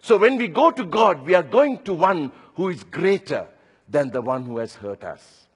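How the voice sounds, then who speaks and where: A man's voice: fairly high pitch, sing-song, normal speed, slightly rough, long reverb tail. A man in his sixties preaching a sermon, earnest and personal, telling his own story between scripture quotes. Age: 60s.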